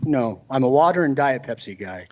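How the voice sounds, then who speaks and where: A man's voice: medium pitch, animated, moderate pace, a little mellow, muffled recording. A man co-hosting a casual podcast, blunt and brash in his jokes. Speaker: podcast co-host. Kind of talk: casual chat.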